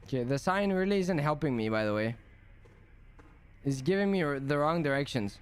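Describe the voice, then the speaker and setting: A man's voice: a little high, animated, moderate pace, clean tone. A young man commenting on a game he is playing, jumpy, cursing and talking to himself. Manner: jumpy, swears, talks to himself. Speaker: gameplay streamer. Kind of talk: let's play commentary.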